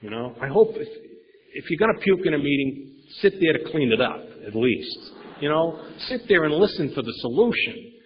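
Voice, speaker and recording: A man's voice: a little high, sing-song, normal speed, big-room sound, slight background noise. Rambling man sharing at a meeting. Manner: rambling, emphatic, repeats words, swears casually. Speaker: speaker at a recovery meeting. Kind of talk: personal recovery share. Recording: dull lo-fi recording.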